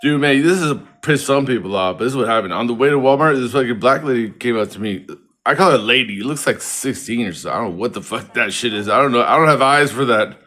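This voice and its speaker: A man's voice: medium pitch, animated, quick pace, sharp tone. A man rambling through a casual story, restless and repeating himself, with heavy slang. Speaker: vlogger.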